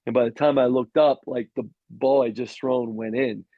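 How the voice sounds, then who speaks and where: A middle-aged man with a gravelly edge tells loose, rambling stories as a podcast guest, stopping and restarting his sentences. The sound is dry and a bit dull, as if recorded close in a small treated space. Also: mid-range voice, steady tone, normal speed, no room sound. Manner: rambling anecdotes with many restarts and fillers. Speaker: former pro quarterback, podcast guest. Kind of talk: casual storytelling interview.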